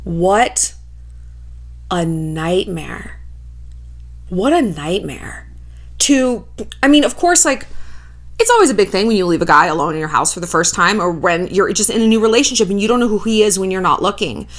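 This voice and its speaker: A woman's voice: medium pitch, quick pace. A woman doing a casual commentary vlog, chatty and profane, full of "like.". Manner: animated, profane, chatty with filler 'like'. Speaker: YouTuber commentator.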